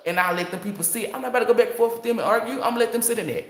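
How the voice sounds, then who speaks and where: A woman's voice: mid-range voice, animated, racing, hardly any pauses. Blunt, profane woman with roomy echo. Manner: blunt, profane, fired-up storytelling with rhetorical asides. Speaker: tarot reader. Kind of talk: casual unscripted monologue to viewers.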